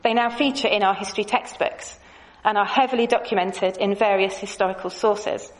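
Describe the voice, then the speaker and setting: A woman giving a measured, clearly explained Bible lesson, with a few light asides to her audience. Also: mid-range voice, fairly even intonation, poor audio. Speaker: Bible teacher. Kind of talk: scripted lesson with slides.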